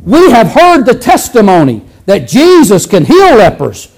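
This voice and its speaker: Male preacher, conversational sermon, very high and lively voice, restarts often. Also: measured pace, low-quality recording. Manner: animated, conversational, acts out scenes, frequent restarts.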